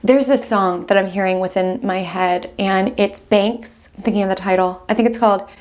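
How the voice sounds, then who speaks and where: A young woman talks animatedly about the week ahead, chatty and quick to laugh. Her voice sits at an ordinary middle pitch. She speaks from a room at home with the window open. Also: steady tone, a little mellow. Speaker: astrology host. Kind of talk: casual astrology vlog talk.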